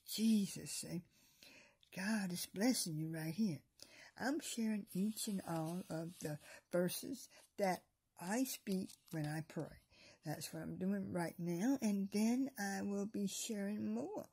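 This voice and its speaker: A woman hosting a devotional video who reads Bible verses and prays, repeating encouragements and often dropping into soft whispers. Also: mid-range voice, slightly rough. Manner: repetitive, slips into soft whispers; exhorting, encouraging listeners. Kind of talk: Bible reading and prayer.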